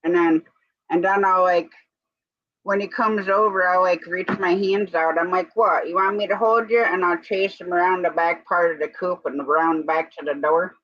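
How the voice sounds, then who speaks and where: A woman's voice: fairly low pitch, level tone, moderate pace, fairly bright tone, dry recording. A woman co-hosting a live stream in a casual, rambling chat, breaking off now and then to give commands to her dog. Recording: dull lo-fi stream audio.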